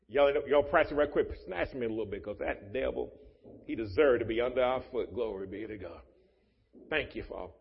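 Husky-voiced preacher in an echoey church. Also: male voice, a little high. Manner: preaches with loud rising emphasis and joking asides. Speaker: pastor. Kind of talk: sermon. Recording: muffled, echoey church hall.

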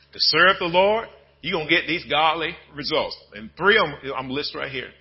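A man pastor preaching a sermon in a folksy, conversational way, dropping to low murmurs and then building to shouted bursts. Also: moderate pace, slightly rough, muffled recording.

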